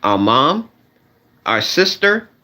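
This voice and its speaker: Animated man ranting, voice leaping high. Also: slow. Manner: repetitive, exasperated, voice jumping high when indignant. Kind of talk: stand-up rant to a crowd.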